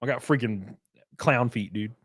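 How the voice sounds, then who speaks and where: A man's voice: medium pitch, measured pace, breathy edge, dry recording, studio quality. A young man casually chatting on a livestream, reading chat aloud with crude, rambling jokes.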